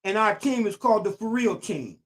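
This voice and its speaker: A YouTube channel host, this older man speaks AAVE in a high, animated voice, going a little fast. His streetwise commentary monologue is preachy, emphatic, and full of repetition.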